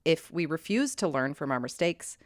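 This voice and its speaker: A woman with a lowish voice presents her research on a podcast, reading steadily from notes. She breaks into sharp outrage at the injustices she describes. The sound is dry and close. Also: sing-song, normal speed, dry recording. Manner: reads prepared notes, flares into heated outrage. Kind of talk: scripted history podcast with casual banter.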